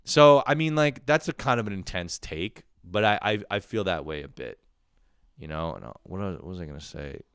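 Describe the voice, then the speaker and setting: A man's voice: low-pitched, expressive, normal speed, fairly bright tone, clean tone, no room sound, clean studio sound. A young man delivering a casual comedic monologue, rambling and exasperated, swearing as he rants. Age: young adult. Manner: profane, rambling, exasperated ranting. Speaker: comedian podcast host.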